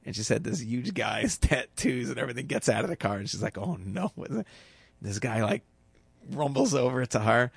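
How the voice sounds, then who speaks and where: Gravelly man telling a casual story. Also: medium pitch, animated, brisk, no room sound. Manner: loose and conversational, full of fillers and restarts, acting out quotes. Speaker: storyteller sharing a life lesson.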